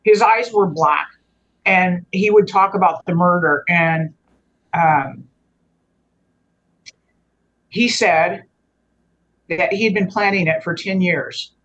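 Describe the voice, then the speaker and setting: A woman's voice: lowish voice, slow pace, pauses often, a bit bright, highs cut off. A woman, a guest on the show, telling a long personal story in earnest conversational style, restarting and correcting herself often. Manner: rambling, frequent restarts and self-corrections.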